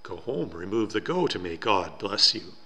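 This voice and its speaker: A man voicing a calm, wise minister who gives measured advice. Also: sits low, big-room sound, heavily acted.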